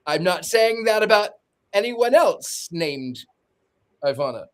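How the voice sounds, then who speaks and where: A man's voice: high-pitched, big pitch swings, takes it slowly. A man giving a sarcastic, joking movie recap as a podcast panelist.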